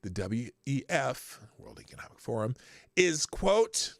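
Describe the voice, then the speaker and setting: A man hosting a live news commentary stream, excitable and sarcastic, often breaking into laughter. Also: medium pitch, a little slow, gravelly, no echo. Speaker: host of a live news show.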